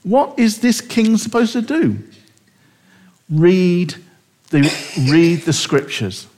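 Animated man teaching the Bible. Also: on the high side. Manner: animated, rhetorical questions, chuckling asides.

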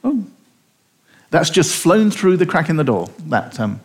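A man teaching from the Bible in an unscripted, animated way, asking rhetorical questions and chuckling at the stories. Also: on the high side, measured pace, slightly rough.

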